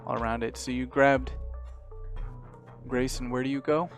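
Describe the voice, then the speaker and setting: Male horror game master, mid-pitched, measured narration, soft music bed. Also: steady tone. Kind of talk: narrating and voicing figures in a tabletop horror game.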